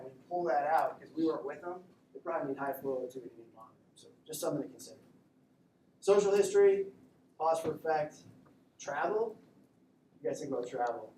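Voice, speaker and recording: A man lectures students in a loose, joking way, slipping into short acted-out patient exchanges. His voice sits a little higher than most men's. It comes from some distance across an echoey classroom, with faint room ambience behind. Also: dark tone, a little hiss or hum. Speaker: instructor. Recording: echoey classroom recorded from afar.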